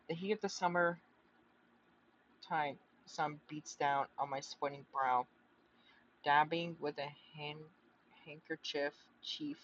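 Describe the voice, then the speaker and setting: A man's voice: fairly high pitch, fairly bright tone, lo-fi sound, a little hiss or hum. A man reading a visual novel aloud, often stumbling and restarting, with chatty asides.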